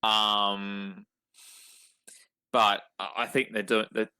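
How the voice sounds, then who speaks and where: A man co-hosting a casual sports podcast, talking in a measured, hesitant way with lots of fillers. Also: fairly low pitch, little pitch movement, bright, forceful tone, smooth. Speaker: podcast co-host.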